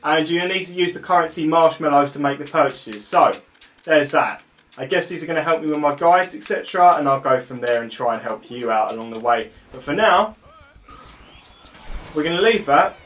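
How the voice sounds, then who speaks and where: Excitable gamer, fairly high voice. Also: male voice, fairly quick, soft background music. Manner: excitable exclamations, stumbles when reading on-screen text aloud. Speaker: gameplay commentator. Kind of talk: casual gameplay commentary.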